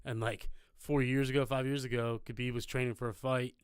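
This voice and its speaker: A man co-hosting a podcast, rambling through stories with plenty of profanity. His voice sits at a middling pitch, and the sound is dry and close to the mic. It feels like relaxed, casual banter. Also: a little fast, smooth, dry recording. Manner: loose, rambling storyteller with lots of profanity. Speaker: podcast co-host. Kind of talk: casual chat. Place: live podcast recording.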